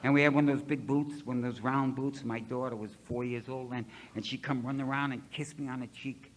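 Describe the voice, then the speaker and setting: A man's voice: medium pitch, steady tone, fairly quick, slight background noise. A middle-aged man from Ohio, telling his recovery story to an audience in a folksy, blunt way and acting out the dialogue himself. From Ohio, USA. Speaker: speaker at a recovery convention.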